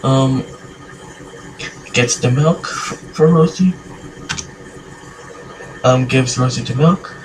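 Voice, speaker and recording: A man narrating an improvised story in a halting way, full of pauses and fillers. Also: medium pitch. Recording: echoey room, mic far off, hiss.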